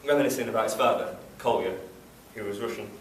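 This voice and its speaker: A man with a Yorkshire accent, an author talking and reading at a book launch in a thoughtful, halting way with many ums. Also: on the low side, distant mic, a little hiss or hum. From Wakefield, England. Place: festival event room. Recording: echoey room picked up from afar.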